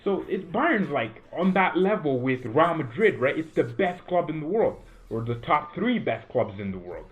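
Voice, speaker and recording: A man with a fairly high voice runs a football fan channel from a room at home, rambling through casual commentary at normal speed with few pauses. He's animated and keeps ending his points with "right?", and the recording sounds tinny, like a phone.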